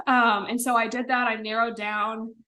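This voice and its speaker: Speaking as a podcast guest in a laid-back interview, this young Midwestern woman has a fairly high, pushed, bright voice with a level tone. Her pace is normal, and she chats freely, leaning on lots of fillers and quick laughs.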